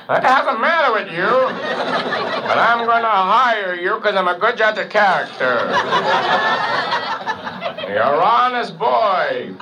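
A comedian puts on a high, shrill elderly bandleader with fractured English, barking orders and never letting anyone get a word in. It plays as a live stand-up impression, buried under heavy room noise and audience laughter. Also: male voice, very animated, takes it slowly, long pauses, exaggerated voice. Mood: bossy. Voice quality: broken English, shrill and bossy. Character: fussy elderly male bandleader, broken English.

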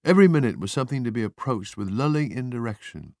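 A man narrating literary fiction as an audiobook, measured and expressive. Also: mid-range voice, no room sound, studio quality.

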